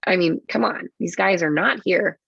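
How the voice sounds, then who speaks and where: A woman's voice: lowish voice, creaky, husky, no echo. A woman nurse being interviewed on a podcast, telling a story casually with lots of swearing and acted-out quotes, on dull lo-fi audio. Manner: swearing, quick and vivid, acts out her own quotes.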